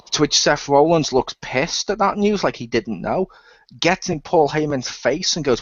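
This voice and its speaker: Man, higher-pitched voice, animated podcast recap, dry muffled sound. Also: brisk, no echo. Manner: animated retelling, quoting wrestlers in dialogue. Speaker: podcast co-host recapping wrestling. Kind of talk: casual chat.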